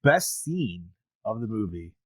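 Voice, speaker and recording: Animated foul-mouthed podcast man. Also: fairly low pitch, takes it slowly, dry recording. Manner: animated, crude, laughs often. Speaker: podcast co-host. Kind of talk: casual horror movie chat.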